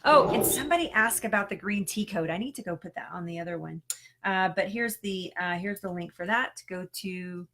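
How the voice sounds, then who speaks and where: Bright-voiced chatty woman coach. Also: medium pitch, fairly quick. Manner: chatty, laughs often, many ums and restarts. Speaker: health coach. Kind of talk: casual live-stream Q&A.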